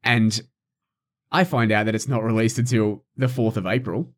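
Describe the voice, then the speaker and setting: A man's voice: on the low side, steady tone, normal speed. A young man co-hosting a casual podcast, ranting in exasperation and peppering his talk with likes. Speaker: podcast co-host. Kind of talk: casual chat.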